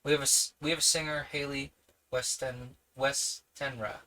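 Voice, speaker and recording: A man with a New Zealand accent and a bright, ringing voice reads a classic novel aloud on a livestream. He keeps drifting off the page to chat with his viewers, then settles back into the text. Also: on the high side, level tone, quick pace, rough recording. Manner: chatty, digresses and answers live chat between passages. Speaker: livestream book reader. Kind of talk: reading a novel aloud with casual chat asides.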